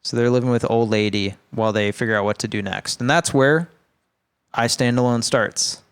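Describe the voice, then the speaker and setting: A man's voice: mid-range voice, a little fast, smooth. A man co-hosting a podcast, casually recapping a film in a rambling, profane, laid-back way. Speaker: podcast co-host.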